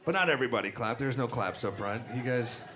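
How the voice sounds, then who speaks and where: A middle-aged man doing a stand-up set on a club stage, with dark, deadpan crowd work and acted-out voices. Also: mid-range voice, fast talker. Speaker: stand-up comedian. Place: comedy club stage before a live audience. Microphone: handheld stage mic. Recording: live club recording, loud crowd laughter.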